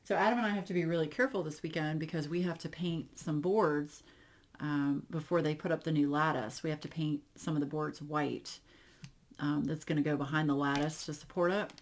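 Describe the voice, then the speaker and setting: A woman with a low, easygoing voice chats to her viewers about her week. She talks in a lively, wry way, full of "um"s and playful sarcasm. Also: brisk. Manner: chatty, animated, wry sarcasm with lots of fillers. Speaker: diamond painting YouTuber. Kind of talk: casual chat to viewers.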